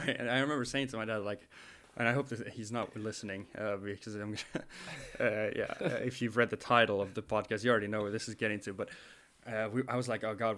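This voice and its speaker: A young man telling a story in a casual podcast chat, animated and laughing often, with many restarts. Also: fairly low pitch. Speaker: podcast co-host.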